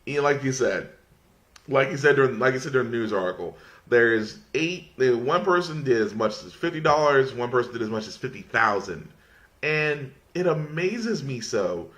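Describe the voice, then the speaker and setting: Rambling man with a lively voice. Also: medium pitch, moderate pace. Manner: rambling with many restarts; mocking, fights off laughter. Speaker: podcast host. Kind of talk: casual podcast commentary.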